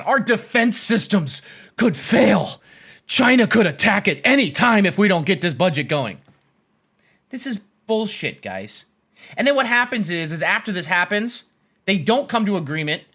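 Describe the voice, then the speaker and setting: Male host, blunt casual ranter, high sharp voice. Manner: blunt, swearing, repeats himself. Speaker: stock trading streamer. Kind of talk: casual rant.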